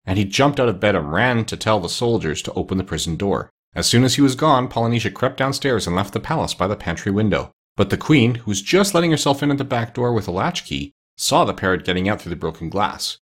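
Low, husky male storyteller. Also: animated, fast talker, hardly any pauses. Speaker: narrator. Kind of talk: audiobook reading of a children's novel.

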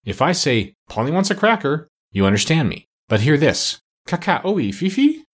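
A clever, bossy female parrot with a high, chirpy voice that swoops up and down as she lectures, as a man puts her on. Her tone is a little husky under the brightness, a storybook bird full of pride. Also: very animated, moderate pace. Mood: proud.

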